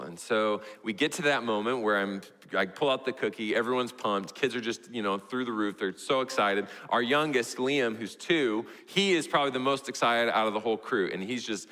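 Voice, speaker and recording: A young man with a Texan accent, a pastor telling a family story in a sermon, animated and storytelling. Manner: storytelling, animated, voices his toddler in a high squeal. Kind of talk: sermon illustration. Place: church sanctuary. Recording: church hall reverb.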